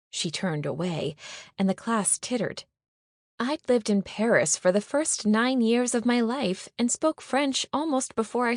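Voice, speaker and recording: A woman narrating a first-person audiobook in a measured, even storytelling manner. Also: lowish voice, no echo, clean studio sound.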